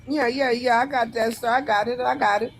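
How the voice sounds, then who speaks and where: A woman's voice: on the high side, steady tone, brisk, a little hiss or hum. A woman calling in to a talk show, deferential and rambling as she defends her questions. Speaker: caller. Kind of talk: call-in conversation.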